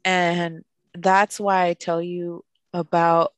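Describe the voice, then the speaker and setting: Candid woman in her late twenties, low-voiced. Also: level tone, slow, no echo. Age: late 20s. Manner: emotional, candid, mixes Spanish phrases into English. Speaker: podcast co-host. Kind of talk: personal storytelling on a podcast.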